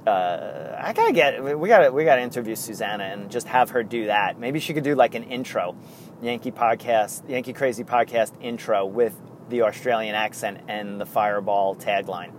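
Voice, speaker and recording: A middle-aged man, co-hosting a casual podcast and telling rambling stories in excited bursts. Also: on the low side, normal speed, slight background noise. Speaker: podcast co-host. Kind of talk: casual chat.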